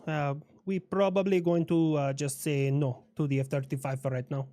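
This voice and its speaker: A man's voice: on the high side, fairly even intonation, mellow, no room sound, lightly acted. A man doing a clumsy Spanish-accented grumbler. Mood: grumbling. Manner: hesitant, halting with filler sounds. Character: Spain personified as a grumbling man.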